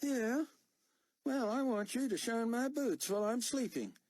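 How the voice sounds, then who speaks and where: A man's voice: very high voice, unhurried, darkish tone, dry recording, clean studio sound, voice pushed up. A man voicing a brash, insolent young male soldier with a mouthy, slangy way of talking. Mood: cocky.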